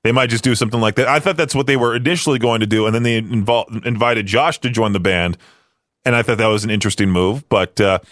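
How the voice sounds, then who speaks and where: A male podcast host in loose, easygoing talk-show commentary. His voice sits at a middle pitch and sounds close and dry, with no room around it. He rambles along with fillers and restarts. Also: fairly bright tone, no room sound.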